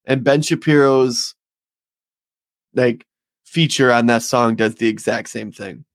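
A man's voice: mid-range voice, slow pace, no echo, studio quality. A man co-hosting a casual political podcast, rambling with many fillers. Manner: rambling, filler-heavy, talkative. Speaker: podcast co-host.

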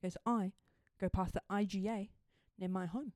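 A young Australian woman co-hosting a podcast and telling a story in casual chat. She talks in an animated way, laughs often and swears freely. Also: mid-range voice, fairly quick, dry recording, studio quality. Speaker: podcast co-host.

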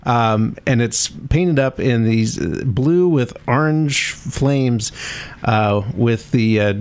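A man co-hosting a motorcycle podcast, talking about scooters in casual chat, halting, with many fillers. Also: mid-range voice, smooth. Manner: hesitant, many fillers and restarts. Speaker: podcast co-host.

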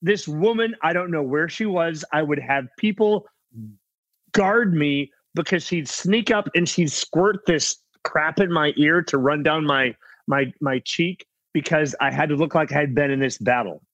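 A man's voice: fairly high pitch, a bit bright, no echo, dull audio. Middle-aged man, rambling raised-voice storyteller. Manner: rambling, with many restarts and quick impressions of others. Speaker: guest actor telling set stories. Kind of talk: casual anecdotal storytelling.

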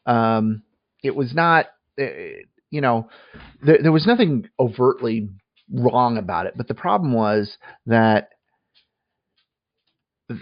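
A man's voice: mid-range voice, dry recording, highs cut off. Guy rambling thru a movie review, lots of uh and restarts, dry dullish recording. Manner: rambling, many restarts and fillers. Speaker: movie review podcast host. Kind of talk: casual spoken movie review.

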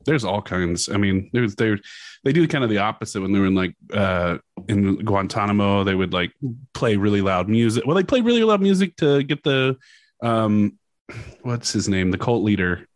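A man's voice: lowish voice, lively intonation, normal speed, no room sound. A man co-hosting a casual podcast chat, rambling along and laughing often.

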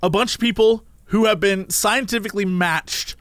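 Podcast co-host, man, high voice, animated storyteller, dry close recording. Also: moderate pace, no room sound. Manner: animated storyteller, acts out quotes with laughter. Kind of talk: casual chat.

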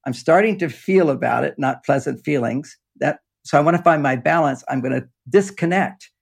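An older man with a gravelly, husky voice that sits a little high for a man. He explains his ideas at length in a loose, rambling way and laughs easily. He speaks over a video call from an underground home office. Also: moderate pace. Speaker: relationship author and guest. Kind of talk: casual conversational interview.

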